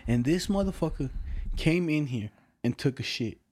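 A man's voice: fairly high pitch, lively intonation, moderate pace, darkish tone. A man in his twenties chatting casually from his bedroom at home, telling rambling stories full of profanity and slang. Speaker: podcast co-host. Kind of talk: casual chat.

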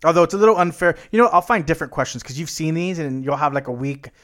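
A man's voice: on the high side, animated, fast talker, a bit bright. A young American man co-hosting a podcast, chatting casually, laid-back and swearing, rambling a bit. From United States. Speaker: podcast co-host. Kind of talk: casual chat.

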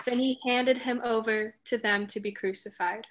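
A woman narrating a dramatized scripture reading in a clear, measured way. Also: fairly high pitch, steady tone, fairly bright tone, a little hiss or hum.

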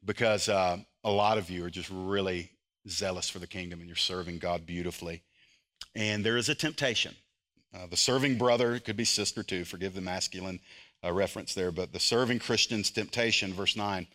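This sermon comes from a pastor whose low voice runs a little fast, shifting from fervent, loud emphasis to hushed, sincere intensity.

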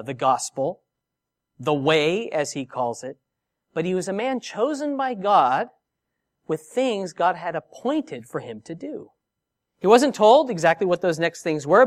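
A man preaching a sermon, expressive and emphatic, reading scripture and asking rhetorical questions. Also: sits high. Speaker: pastor.

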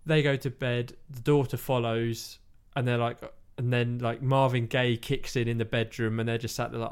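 Man, casual chat, rambling film recap, middle pitch. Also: flat delivery, normal speed, few pauses, smooth. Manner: rambling storytelling, acts out quotes.

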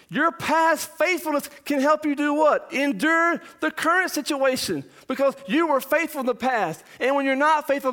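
Shouting high-voiced male preacher. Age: young adult or middle-aged parent. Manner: preaching at a near scream, then dropping low. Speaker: pastor. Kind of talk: impassioned verse-by-verse sermon.

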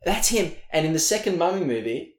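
A man chatting on a podcast, rambling through stories with a steady stream of filler words. His voice sits a little high and carries a roomy echo around it. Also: fairly quick. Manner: rambling, full of "like" fillers, laughs often. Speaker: podcast co-host. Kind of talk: casual chat.

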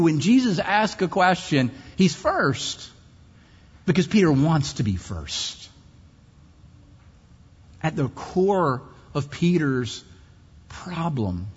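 A man preaching a sermon in an emphatic way, his pitch swinging widely, with long pauses. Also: very animated, breathy edge. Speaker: pastor. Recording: muffled hall recording.

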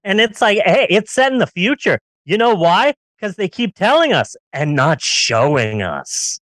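Man, movie podcast co-host, sarcastic ranting, wildly varied pitch, dry close mic. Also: unhurried, no echo. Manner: animated ranting, sarcastic jokes and riffs. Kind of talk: casual comedic film review chat.

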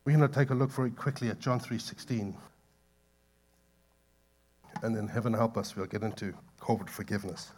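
A man preaching a sermon, swinging between loud impassioned pleading and soft asides to the congregation. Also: fairly low pitch, fairly even intonation, fairly quick, pauses often, husky. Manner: impassioned, building to loud pleading peaks then dropping soft. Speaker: pastor.

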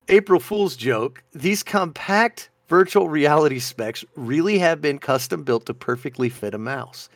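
A man's voice: medium pitch, creaky, no echo. A man co-hosting a casual podcast, reading out odd news stories and reacting with lots of laughter. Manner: animated, laughs often, reads news stories aloud. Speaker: podcast co-host.

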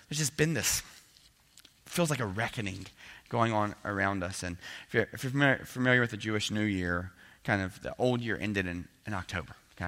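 A man's voice: sits low, pushed and bright. A man preaching a conversational sermon in a church, voicing his listeners' doubts in quotes. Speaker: pastor. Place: church building. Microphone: handheld mic.

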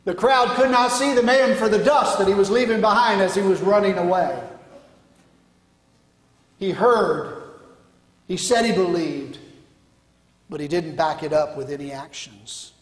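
Pastor guy preaching, high voice, goes loud then drops way down, big echoey church sound. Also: a little slow, long pauses. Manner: preaching with sharp swings from loud declarations to hushed endings. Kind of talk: sermon. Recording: echoey hall.

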